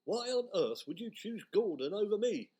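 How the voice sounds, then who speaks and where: A man's voice: high-pitched, very animated, warm tone, slightly rough, heavily acted. A man doing a pompous, huffy British hotelier. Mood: outraged. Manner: indignant, huffy, quick to take offence. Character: pompous touchy middle-aged British hotel owner. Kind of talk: comic radio sketch.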